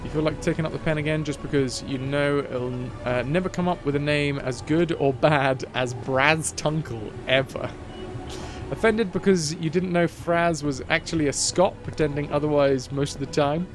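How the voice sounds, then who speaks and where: A man's voice: fairly high pitch, normal speed, music in the background. A man streaming a game, chatting casually in a rambling, jokey way that keeps breaking off and restarting. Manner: rambling, jokey, self-interrupting. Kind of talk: casual gameplay commentary.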